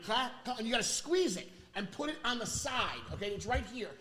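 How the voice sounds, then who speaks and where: A man's voice: extremely high pitch, a little fast, a little hiss or hum. A man hosting a podcast, telling a story in a casual chat with lots of acted-out voices and laughter. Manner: animated storyteller, acts out voices, laughs often. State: sore mouth after dental work. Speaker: podcast host.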